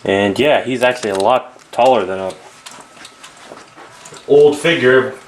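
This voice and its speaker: An unhurried man with a medium-pitched voice gives an offhand, rambling toy review and keeps revising his sentences partway through. Slight background noise can be heard.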